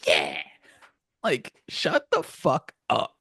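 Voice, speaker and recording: A man with a gravelly, creaky voice chats casually on a podcast, laughing often and swearing freely. He retells scenes animatedly, in an ordinary mid-range pitch. The sound is dry and close on the microphone. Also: big pitch swings, takes it slowly, a bit bright, dry recording. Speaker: podcast co-host. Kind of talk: casual chat.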